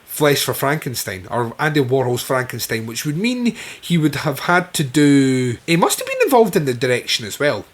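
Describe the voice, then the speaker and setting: This co-host's medium-pitched voice swings hugely in pitch while keeping a normal pace. On the podcast, he eagerly and casually discusses a horror film, cursing without restraint.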